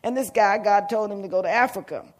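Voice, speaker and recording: A middle-aged man preaching a sermon, telling a story and calling out to the congregation, rising to shouts at the peaks. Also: high-pitched, fast. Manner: fervent call-and-response preaching, shouting at peaks.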